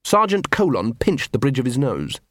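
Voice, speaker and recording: Expressive man narrating an audiobook. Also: medium pitch, moderate pace, no room sound, clean studio sound. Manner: expressive, wry storytelling. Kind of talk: scripted narration.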